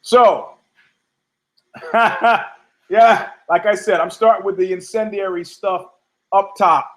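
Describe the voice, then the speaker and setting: High-pitched ranting New York man. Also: steady tone, takes it slowly, rough recording. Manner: profane, heated, rambling with restarts. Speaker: podcast host. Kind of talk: ranting monologue.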